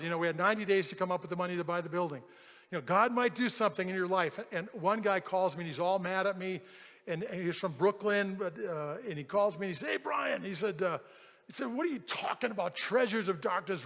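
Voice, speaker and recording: A man preaching a sermon as a pastor, telling a story with animation and acting out the people in it. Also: high-pitched. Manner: animated storyteller, acts out quoted voices. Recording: large hall with long reverb.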